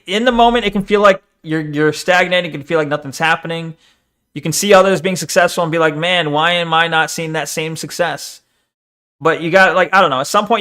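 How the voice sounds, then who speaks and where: A man's voice: high-pitched, fairly bright tone. A man streaming live, reacting to a video with rambling casual commentary full of fillers. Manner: rambling, talks over the video, frequent fillers.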